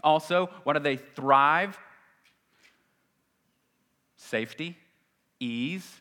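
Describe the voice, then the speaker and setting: A man preaching a sermon in a conversational way, moving from loud emphasis to quiet asides. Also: fairly high pitch, extremely slow, big-room sound. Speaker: pastor.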